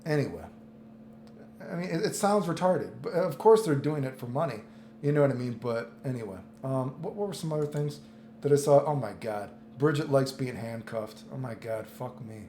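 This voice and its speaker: A man's voice: medium pitch, expressive, normal speed, a little mellow. A man ranting in casual commentary, exasperated, stumbling over restarts and swearing. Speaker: commentary vlogger. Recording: echoey room, faint noise.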